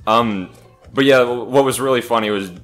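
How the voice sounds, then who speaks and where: A man's voice: medium pitch, moderate pace, soft background music. A young man co-hosting a gaming channel, telling a story in a rambling, stammering way and laughing often. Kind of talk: casual banter while playing a game.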